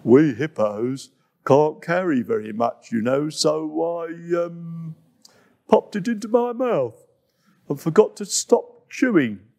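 A man's voice: on the high side, animated, creaky, mellow, full character voice. A man voicing a greedy male hippo who talks lazily, full of ums and uhs. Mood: lazy, smug. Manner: slow, lazy, with ums and uhs.

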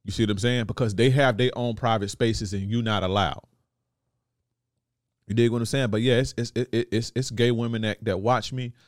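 A man's voice: mid-range voice, no room sound, clean studio sound. A man hosting a podcast, talking to listeners in a blunt, slangy, profane monologue and often asking if they follow. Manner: blunt, repeats "you see what I'm saying". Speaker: podcast host.

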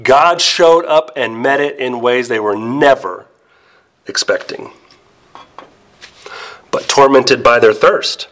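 A male pastor delivers a sermon in a storytelling way, with a voice of ordinary middle pitch. He slows down and drops his voice low and soft to stress key words.

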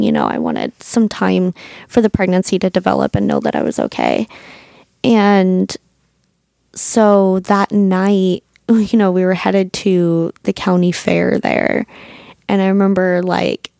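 Woman in her 30s, podcast host, storytelling; gravelly edge, dry close mic. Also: medium pitch, no room sound. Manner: chatty, filler-heavy, animated retelling. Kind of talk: personal storytelling.

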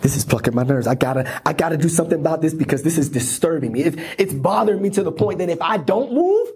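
A man pastor delivers a lively sermon in a church sanctuary. His voice is deeply husky and rough-edged. He acts out inner conversations, swinging into hushed whispers and bursts of laughter. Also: fast. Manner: animated preaching that acts out inner dialogue, with laughs and sudden whispers.

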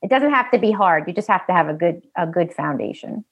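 A woman with a New York accent, a health specialist guest on a casual podcast interview, giving brisk, emphatic advice. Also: fairly low pitch, expressive.

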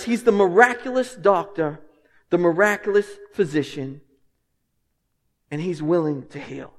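A man delivers a sermon in a high, carrying voice, with a long reverb from a large hall around him. He shifts from soft, low-pitched passages to loud, insistent ones. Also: big pitch swings, moderate pace. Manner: swings between hushed, low scripture reading and loud, emphatic preaching. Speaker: pastor.

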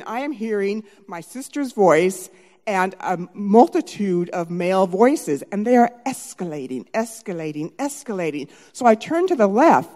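A middle-aged woman telling a personal story live on stage, animated and dramatic, swinging from hushed asides to shouted lines. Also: on the high side, long reverb tail.

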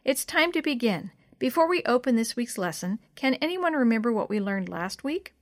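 A woman voicing a warm, encouraging female Sunday school teacher in a storybook. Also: on the high side, sing-song, moderate pace, dry recording. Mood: kind.

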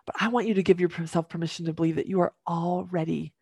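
A woman's voice: on the low side, fairly even intonation, fast talker, darkish tone, breathy edge, no echo. A young woman speaking earnestly as a podcast guest, coaching listeners through practical tips and acting out the phrases they might say. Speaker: podcast guest giving advice. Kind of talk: warm encouraging advice talk.

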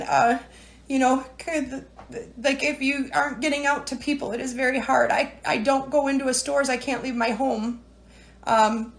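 Woman, high voice, chatty and teary, rambling livestream talk from home. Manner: chatty, rambling, emotional, frequent "right?" and "you know". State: tearful, near crying. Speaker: direct-sales team leader. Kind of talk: casual livestream talk to viewers.

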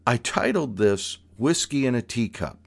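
A man telling a personal story in a measured, unhurried way, with pauses and small restarts. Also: medium pitch, sing-song, vocal fry.

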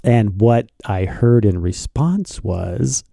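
Guy cohosting a podcast, gravelly low-key tone, chatty storyteller doing little voices, dry sound. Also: normal speed, no room sound. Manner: animated, laughing storyteller, voices the people in his story. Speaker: podcast co-host. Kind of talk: casual storytelling chat.

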